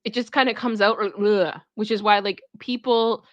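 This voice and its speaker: A woman's voice: a little high, steady tone, a little fast, no room sound. Woman w a toronto accent just chatting to her stream, rambly, keeps restarting, dry close sound. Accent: Toronto Canadian. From Toronto, Canada. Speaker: livestream host. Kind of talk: casual livestream chat reading the chat.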